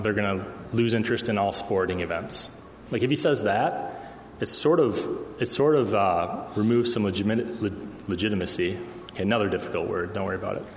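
In an echoey church hall with long reverb, a male pastor with a fairly low voice gives a conversational sermon, frequently checking in with the room by asking "okay?" There's slight background noise.

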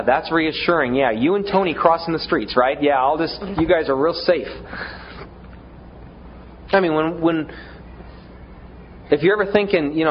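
Male preacher, fairly high voice, stammering restarts, dull lo-fi recording. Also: normal speed, pauses often, slight background noise. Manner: conversational, stammering restarts, self-deprecating humor. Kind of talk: sermon.

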